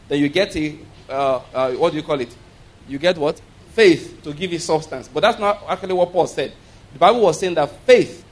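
A man's voice: fairly high pitch, darkish tone. A man preaching a sermon, explaining scripture and often checking that listeners follow. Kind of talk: sermon teaching.

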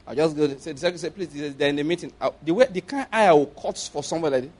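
Nigerian preacher guy, kinda high voice, jokey, keeps acting out little scenes mid-sermon. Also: racing, darkish tone. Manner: playful, acts out dialogue, laughs often. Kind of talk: sermon with acted-out stories.

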